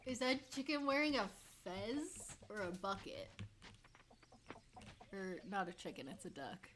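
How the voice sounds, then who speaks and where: A woman's voice: mid-range voice, very animated, unhurried, background noise. A woman streaming a farming game, rambling and thinking aloud with self-mocking asides. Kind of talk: casual gameplay commentary. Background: game music.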